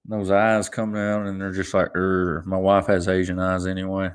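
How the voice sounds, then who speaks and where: A young man in his twenties, voice sitting a little low, rambles through stories on his solo podcast. He chuckles as he goes and keeps restarting his sentences, casual and unscripted. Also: completely flat delivery, normal speed, clean tone. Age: 20s. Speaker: podcast host.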